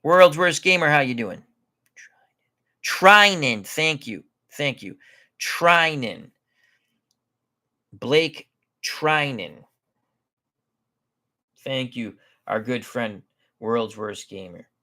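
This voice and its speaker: The play-by-play for a tabletop baseball game comes from its host, a man with a sharp, mid-range voice who talks in a leisurely, chatty manner and corrects himself as he speaks.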